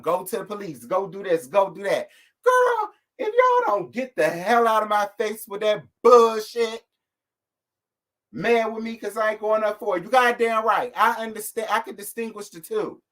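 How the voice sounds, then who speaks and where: A man's voice: sits high, expressive, moderate pace, pushed and bright. A man, host of a casual live stream, ranting at his audience. He talks with sassy, blunt fire and swears freely. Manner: sassy, fired-up, blunt with cursing.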